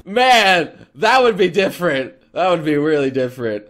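A man hosting a reaction video, excitable and loud, swearing often and protesting. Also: fairly high pitch, normal speed, soft background music. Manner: excitable, swears a lot, laughs and protests loudly. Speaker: host reacting to fan videos. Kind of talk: reaction commentary.

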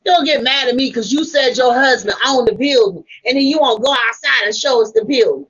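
A woman runs a livestream panel and keeps pressing a guest with blunt, profane demands. Her voice sits high and sounds bright and sharp. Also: fairly quick, few pauses, husky, muffled recording. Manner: confrontational, swearing, repeating demands. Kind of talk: heated livestream argument.

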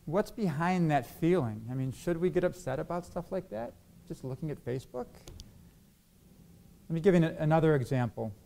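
A man's voice: a little high, normal speed, creaky, warm tone. Man preaching with questions to the hearers. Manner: asks the congregation questions, acts out quoted arguments. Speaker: pastor. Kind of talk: sermon.

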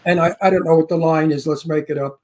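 A man's voice: fairly high pitch, steady tone, quick pace, darkish tone. Man, Brooklyn accent, talkative co-host, storytelling, casual chat. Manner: talkative, tells stories with acted-out quotes.

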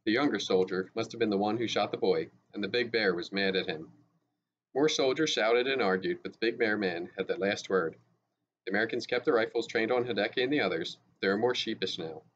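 A male teacher reading a novel aloud in a steady, even way, with small restarts. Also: fairly low pitch, a little fast. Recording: dull lo-fi with faint hiss.

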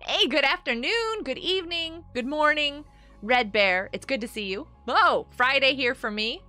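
A woman's voice: high voice, animated, normal speed, sharp tone. A middle-aged woman hosting a casual gaming live stream from home, bubbly and giggly as she reads viewers' chat aloud. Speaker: livestream host. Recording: faint music behind.

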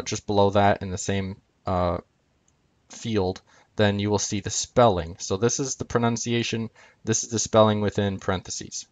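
A man's voice: lowish voice, no echo. A man teaching from a chart on screen, talking unscripted with frequent ums and uhs as he walks through each item. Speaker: video lecturer.

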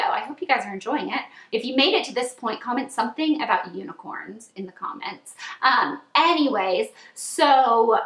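A woman in her twenties telling a long storytime vlog, chatty and animated, with lots of "like" and squealed quotes. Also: fairly high pitch, reverberant. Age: 20s. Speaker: vlogger.

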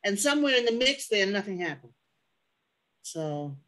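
An older woman recalling her mother in conversation, pausing often to search for words. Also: mid-range voice, sing-song, a bit bright, low-quality recording. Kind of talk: conversational recollection.

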